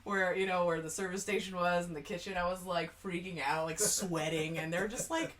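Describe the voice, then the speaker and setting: A woman co-hosting a podcast, telling stories in a lively, laughing, casual way. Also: fairly low pitch, a little fast, slight background noise. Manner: animated storyteller, often laughing. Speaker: podcast co-host. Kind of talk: casual chat. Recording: distant mic.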